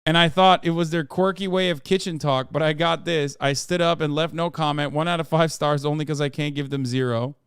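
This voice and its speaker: A man hosting a livestream in casual chat, reading viewer posts aloud in an offhand, sarcastic way with loud outbursts. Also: on the high side, fairly even intonation, a little fast, few pauses, clear, resonant tone, dry recording, clean studio sound. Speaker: livestream host.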